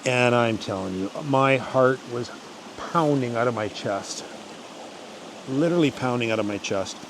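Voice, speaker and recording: Medium-pitched and a little slow, this man talks against a noisy background. He hosts his channel, casually recounting hunting stories on camera with restarts, rambling, and lively yells for quotes.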